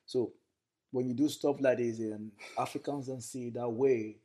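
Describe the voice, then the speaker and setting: Relaxed man, rambling. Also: medium pitch, normal speed. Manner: relaxed, rambling, many fillers. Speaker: guest, content creator. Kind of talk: casual interview talk.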